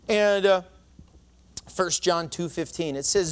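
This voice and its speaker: A man's voice: high voice, expressive, unhurried, pauses often. A man preaching a sermon to his congregation in a church. He speaks earnestly and conversationally. He often stumbles over words and starts again. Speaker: pastor.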